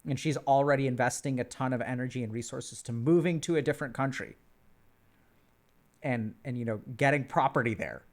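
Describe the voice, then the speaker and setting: A man's voice: medium pitch, fairly quick. Man leading a group check-in. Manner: rambling, many fillers and restarts. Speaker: group therapy facilitator. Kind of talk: casual group session talk.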